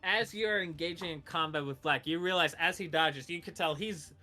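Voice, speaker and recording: A man running a tabletop game as game master, relaxed and quick to laugh. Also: fairly high pitch, soft background music.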